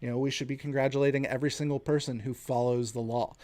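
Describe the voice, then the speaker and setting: This American podcast host, a man in his late thirties, speaks fast at a medium pitch with a steady, slightly mellow tone. On his solo show he shares his opinions earnestly and conversationally.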